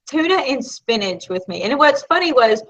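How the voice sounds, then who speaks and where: A woman from Florida with a Southern American accent, co-hosting a casual live chat and telling stories in an animated, chatty way. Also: on the high side, normal speed. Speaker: co-host of a live video chat. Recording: dull lo-fi sound.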